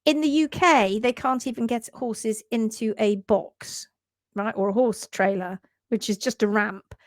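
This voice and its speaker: Chatty high-voiced woman host. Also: unhurried, dry recording, clean studio sound. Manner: chatty, excitable, greets viewers by name. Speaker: livestream host. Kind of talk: casual live-stream chat.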